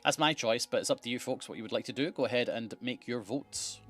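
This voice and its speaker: A man's voice: medium pitch, fast, fairly bright tone. Playful man streaming a game. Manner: playful, chatty, reads the game text aloud. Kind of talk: casual live-stream commentary.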